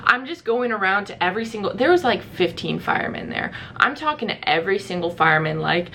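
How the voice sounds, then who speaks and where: Bright-voiced young woman telling a story. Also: medium pitch, lively intonation, fairly quick, hardly any pauses. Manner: chatty, fills speech with "like", acts out her own past reactions. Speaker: vlogger. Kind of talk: casual storytelling to camera.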